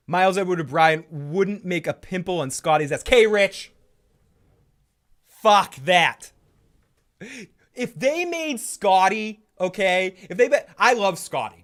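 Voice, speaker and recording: A man hosting a casual, opinionated chat, rambling through restarts and swearing freely. He is playful and keeps dropping into quick impressions. His voice sits on the higher side for a man. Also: fairly bright tone. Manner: profane and rambling, full of restarts. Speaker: host.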